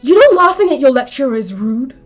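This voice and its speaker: Brief: a woman doing a prickly female lecturer, scolding and accusatory, pitched up high. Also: sing-song, a little fast, soft background music.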